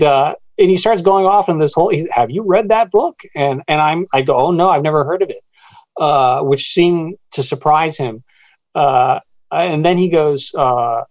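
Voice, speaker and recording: A man recounts an odd encounter for an interviewer, stumbling over words and restarting often. His voice sits a little high. The sound is dull and lo-fi, with a dry close feel. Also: no echo. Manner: halting, many restarts, animated retelling with quoted voices. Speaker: author guest. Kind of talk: storytelling interview.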